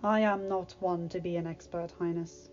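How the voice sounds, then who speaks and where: A woman's voice: fairly low pitch, steady tone, moderate pace, lightly acted. Woman reading as a teasing royal guard captain. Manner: wry, gently teasing. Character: adult man, a teasing, fatherly palace captain. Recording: dull lo-fi recording, faint music.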